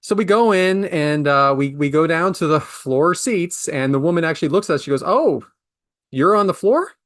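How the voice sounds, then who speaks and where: A man's voice: brisk, no echo, studio quality. A man in his forties telling a story in a casual, exasperated, ranting way. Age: 40s. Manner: exasperated, ranting, swings from low mutter to high outburst. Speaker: podcast host.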